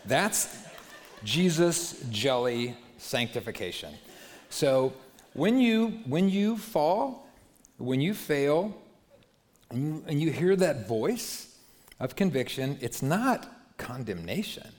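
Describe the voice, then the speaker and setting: A man's voice: a little high, slow pace. Pastor guy preaching, voice jumps all over, big echoey hall sound. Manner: animated, swings from hushed to loud. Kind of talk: sermon. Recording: long hall reverb.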